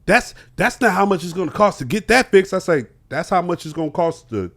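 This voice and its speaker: Young man, podcast guest, lively high-pitched storyteller who acts out every voice. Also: a little fast. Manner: acts out both sides of an argument, laughing as he tells it. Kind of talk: animated storytelling.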